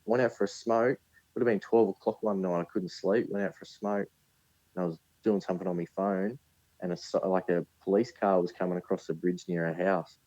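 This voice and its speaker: A deep-voiced Australian man tells a story in a loose, rambling way, with filler words running through it. His audio is dry and a little dull and lo-fi, as if from a cheap remote setup. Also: fairly even intonation, fairly quick, warm tone, no room sound. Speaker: podcast guest. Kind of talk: casual storytelling.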